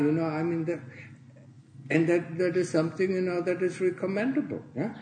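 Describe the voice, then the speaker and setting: Earnest monk ending phrases with "yeah?". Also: male voice, a little high, steady tone, moderate pace, a little mellow, roomy sound, low-quality recording. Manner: earnest, tags nearly every phrase with 'yeah?' or 'huh?'; clears his throat often. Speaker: Buddhist monk teaching fellow monastics. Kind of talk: Dharma talk. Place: monastery in Thailand.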